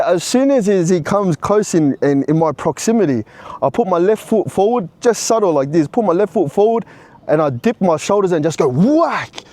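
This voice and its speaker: A man tells a personal story in a loose, conversational way, stumbling and restarting his sentences. His voice sits a little on the high side, and he fills his talk with "bro" and "you know". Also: expressive, moderate pace, a little mellow. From Australia.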